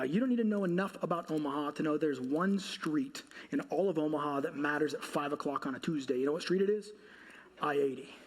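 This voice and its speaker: A married man, a pastor, preaching a sermon through a funny personal story, animated and quizzing his listeners along the way. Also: on the high side. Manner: comic, animated storytelling with audience questions.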